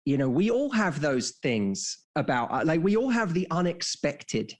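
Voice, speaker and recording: A man's voice: a little high, sing-song, normal speed. A man in his thirties, a dating coach on a podcast, explaining ideas through stories and acting out quoted dialogue. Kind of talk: casual podcast conversation.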